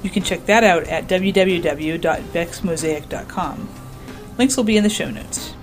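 A woman host reading a scripted introduction to a fiction podcast episode in a measured, announcing way. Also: on the low side, soft background music.

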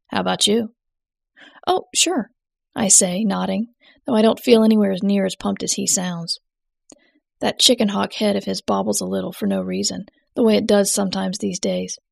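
A woman's voice: medium pitch, flat delivery, fairly quick, gravelly, no echo. A woman giving a scripted first-person narration of a story, with a wry, matter-of-fact manner.

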